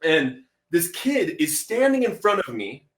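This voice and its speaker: A man telling his life story as a podcast guest, animated, acting out quotes and saying "bro" a lot. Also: fairly high pitch, a little slow, roomy sound. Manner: animated, acts out quotes, says "bro" often. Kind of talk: storytelling testimony.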